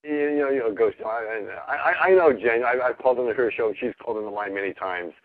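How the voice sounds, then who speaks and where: A man calling in to a radio show, calm and hesitant, stammering and pausing as he makes his point. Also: medium pitch, no echo. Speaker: caller. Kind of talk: call-in radio chat. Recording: tinny phone line, dry.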